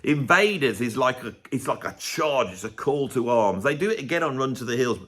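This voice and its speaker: A man, a music vlogger, ranting to camera in a casual, opinionated way, sarcastic and swinging between loud outbursts and muttered asides. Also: medium pitch, lively intonation, brisk, husky.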